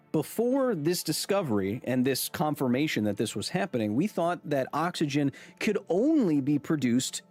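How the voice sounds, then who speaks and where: A man's voice: medium pitch, a little mellow. A man hosting a science livestream, chatting casually and joking with his viewers. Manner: jokey, talks to chat, quick asides.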